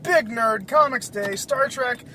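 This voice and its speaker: A man hosting a casual solo podcast, rambling in an excitable, profane way. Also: very high-pitched, takes it slowly, a little hiss or hum. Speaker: podcast host.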